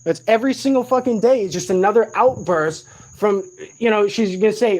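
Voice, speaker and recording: A man's voice: very high-pitched, lively intonation, a little fast, darkish tone. Profane, agitated man ranting at night. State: sleep-deprived. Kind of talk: angry late-night rant to camera. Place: room in a shared home at night.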